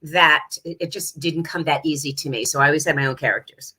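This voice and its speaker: Woman guest, low bright voice, rambling, filler words. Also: quick pace, slightly rough. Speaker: guest actress. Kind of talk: casual chat. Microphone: video call.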